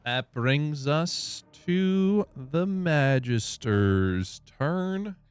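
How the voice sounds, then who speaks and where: A man's voice: a little high, expressive, drawn-out words, smooth, dry recording. A man running a tabletop game as game master, laid-back and wry.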